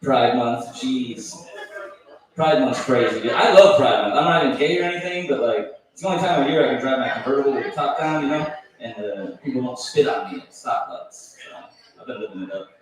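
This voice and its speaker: Guy doing rough open mic standup, mocks his own bits, super echoey room, mic way off. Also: medium pitch, fairly quick. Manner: crude, offhand, mocks his own jokes. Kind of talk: stand-up set with crowd work. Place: bar stage at an open mic. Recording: echoey room, taped from far off.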